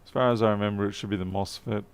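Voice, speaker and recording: A man's voice: fairly low pitch, fairly even intonation, racing, slight background noise. A man talking casually to camera while repairing a laptop in his workshop, chatty and self-mocking, muttering as he works. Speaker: electronics repair technician. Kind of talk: casual workbench commentary.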